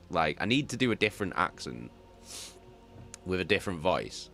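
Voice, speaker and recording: A man who reads audiobooks, chatting casually with live viewers, animated and swearing often as he repeats himself. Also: low-pitched, moderate pace, gravelly, faint music behind. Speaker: audiobook reader and streamer.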